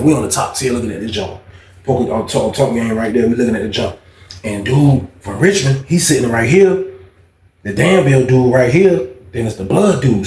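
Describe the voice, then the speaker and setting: A man's voice: mid-range voice, reverberant. A man telling a casual, slangy, profane story, often repeating himself.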